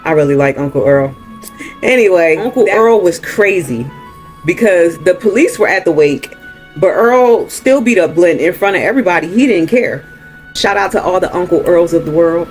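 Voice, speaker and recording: A man hosting a movie recap, retelling the story in a casual, chatty way with laughs. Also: high voice.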